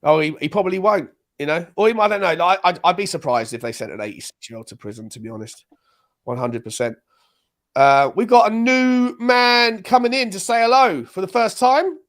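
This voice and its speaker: A man from Britain chats through a casual live watchalong stream. His voice sits a little high, and he rambles and restarts his sentences as he talks. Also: animated, fairly quick, fairly bright tone. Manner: chatty, loose, restarts sentences often. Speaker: host.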